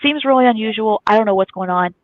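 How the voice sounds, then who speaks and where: A fast, animated woman tells her story on a video call. The audio is thin and phone-like, with a dry, close sound. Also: medium pitch, dry recording. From Kentucky, USA. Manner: lively, chatty, animated storytelling. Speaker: guest. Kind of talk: casual storytelling on a live talk show.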